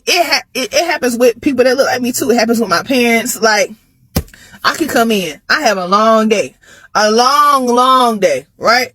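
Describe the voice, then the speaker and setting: A woman talking casually to camera, animated, laughing between phrases and jumping high in pitch when she makes a point. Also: husky, no room sound. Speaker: vlogger.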